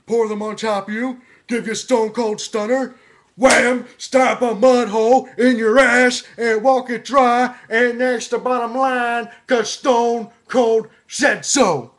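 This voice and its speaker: A brash, swaggering wrestler with a drawl, as a man puts him on, talking loud and aggressively in high, sharp bursts. The voice is forceful and tense, snarling through the trash talk. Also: steady tone, slow, heavily acted.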